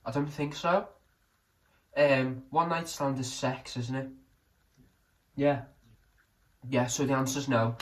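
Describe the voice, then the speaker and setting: A man's voice: mid-range voice, unhurried, long pauses, slight background noise, poor audio. A young man chatting casually in a vlog, rambling and cheeky, often correcting himself mid-story. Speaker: vlogger. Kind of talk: casual chat vlog while drinking.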